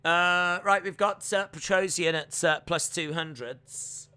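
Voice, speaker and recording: A young man hosting a live watch-along stream, rambling chattily with viewers and calling the action in excited play-by-play. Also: high-pitched, slow, clear, resonant tone, dry recording.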